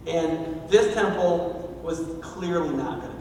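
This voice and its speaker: A man's voice: a little high, takes it slowly, darkish tone, a little hiss or hum. A man preaching a sermon as pastor of a church, in a casual, joking, conversational way. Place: church sanctuary. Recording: echoey hall from far off.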